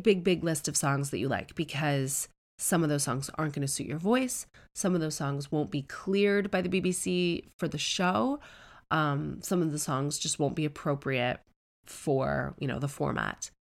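A woman in her thirties telling a chatty, self-deprecating personal story full of comic digressions. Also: sits low. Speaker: celebrity storyteller.

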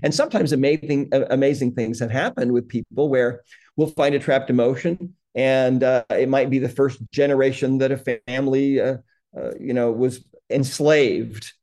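Man, dark mellow voice, calm, measured, guest explaining. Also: medium pitch. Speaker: guest, energy healing practitioner. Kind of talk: explanatory conversation.

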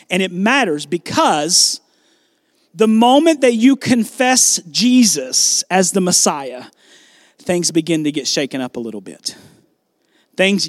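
A man pastor preaching a sermon, animated, acting out biblical dialogue with shifting volume. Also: high voice, no room sound, clean studio sound.

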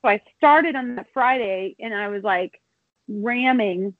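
A middle-aged woman, a restaurant and bar owner, speaking haltingly and close to tears, restarting her sentences often. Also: medium pitch, dry recording. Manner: tearful, halting, many restarts. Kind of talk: emotional interview over the phone. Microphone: phone. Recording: tinny dry phone line.

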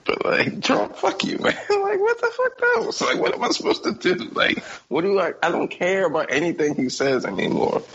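A man's voice: high-pitched, wildly swooping pitch, moderate pace, gravelly, few pauses, fairly bright tone, breathy edge, muffled recording. A man co-hosting a casual podcast, ranting heatedly in slang and laughing often. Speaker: podcast co-host.

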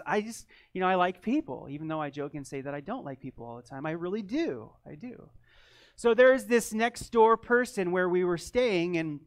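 A man who is a pastor, preaching a sermon earnestly and telling a personal story in a conversational way, often repeating words as he starts phrases. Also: sits high.

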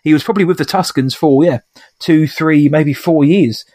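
A man's voice: on the high side, moderate pace, a little mellow, dry recording, studio quality. A man co-hosting a podcast in casual chat, animatedly retelling scenes and rambling with restarts. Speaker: podcast co-host.

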